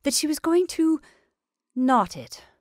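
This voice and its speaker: A woman voicing a timid, middle-aged sheriff's wife in a read-aloud story, speaking in a hushed, shrinking way. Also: medium pitch, animated, measured pace, slightly rough, dry recording, studio quality. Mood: flustered. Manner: hushed, shrinking, half-whispered.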